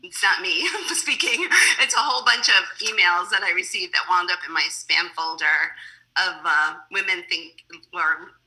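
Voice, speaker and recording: A woman poet reads her work over a video call in a measured, deliberate way, her lowish voice carrying a bright, cutting edge. Between poems she turns chatty and laughs easily. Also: a little hiss or hum, poor audio. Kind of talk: poetry reading with casual asides.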